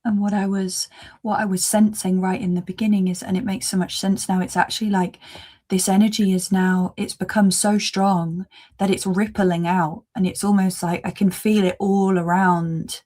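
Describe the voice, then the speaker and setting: A woman doing a live psychic reading, calm and thoughtful, speaking in gentle flowing phrases. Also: medium pitch, normal speed. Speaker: psychic reader. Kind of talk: live spiritual reading chat.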